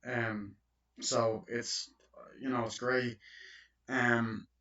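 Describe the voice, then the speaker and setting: A man's voice: medium pitch, flat delivery, very slow, bright, forceful tone. A man giving a casual, rambling spoken film review, full of fillers and swearing. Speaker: movie reviewer. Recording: dull lo-fi recording.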